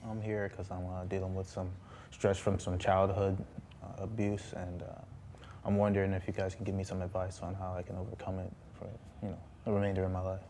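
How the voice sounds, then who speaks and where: A young man around twenty talks as a guest on a studio talk show, halting and full of fillers. His voice sits very low, flat and dark, with a faint hum of room ambience behind him. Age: about 20. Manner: hesitant, halting, many fillers and restarts. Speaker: guest, former Marine.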